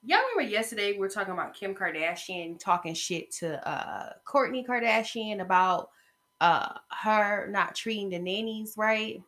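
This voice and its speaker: Bright, sassy woman podcast host. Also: mid-range voice, moderate pace. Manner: chatty, sassy, talks straight to listeners. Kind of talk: casual gossip commentary.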